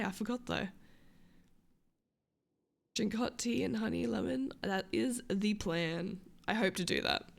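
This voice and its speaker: Aussie woman streamer just yapping to chat, super gravelly fry, swears a lot, keeps forgetting what she was saying. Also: medium pitch. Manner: rambling, loses her train of thought, swears casually. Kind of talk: casual chat with stream viewers.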